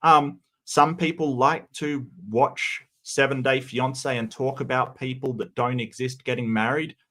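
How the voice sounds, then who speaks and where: An Australian man hosting a casual livestream commentary, easygoing and halting, often stammering and repeating words. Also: mid-range voice, steady tone, pushed and bright. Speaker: commentary host.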